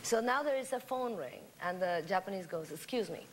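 A woman's voice: medium pitch, brisk, a little hiss or hum. Laughing Mexican-accented woman telling a joke. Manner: laughing, animated storytelling with voiced characters. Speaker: talk show guest. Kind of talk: casual chat. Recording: 1990s-2000s VHS TV broadcast, studio audience.

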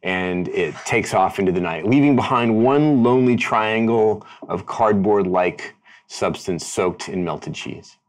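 A man narrating a tabletop role-playing game as game master, wry and descriptive. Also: lowish voice. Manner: descriptive, wry, unhurried storytelling.

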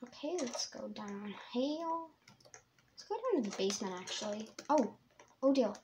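A woman giving rambling, excitable let's-play commentary as a young YouTuber, laughing often. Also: medium pitch, moderate pace, slight background noise. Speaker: gamer and YouTuber.

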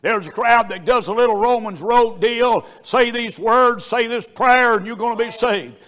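A man preaching a revival sermon, fervent and building to shouts. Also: very high voice, normal speed.

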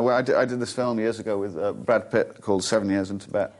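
A man in his forties with a fairly low voice, a guest on a studio talk show. He tells rambling, self-deprecating anecdotes with dry amusement. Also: quick pace. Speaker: actor guest. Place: television studio.

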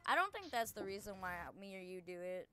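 A woman's voice: mid-range voice, sing-song, sharp tone, soft background music. A young adult woman hosting a live stream, chatting casually and rambling while she plays, swearing often and correcting herself mid-sentence. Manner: rambling and profane, quick self-corrections. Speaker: streamer host. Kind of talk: casual chat while gaming.

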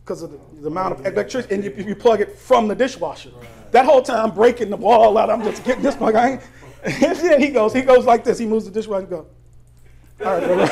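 Speaking with vocal fry and a high pitch, this pastor preaches conversationally in a church sanctuary, posing call-and-response questions and chuckling through anecdotes about himself. Quiet, low remarks alternate with loud bursts of excitement.

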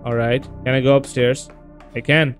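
A man's voice: mid-range voice, level tone, normal speed, faint music behind. A man casually talking to himself and his viewers as he plays a horror game, reacting aloud to what he finds. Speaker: gameplay video host.

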